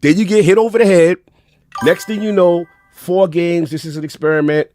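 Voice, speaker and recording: A man's voice: high voice, steady tone, moderate pace, darkish tone, faint music behind. A man hosting a gaming podcast in casual chat, rambling through his points with sayings and analogies. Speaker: podcast host.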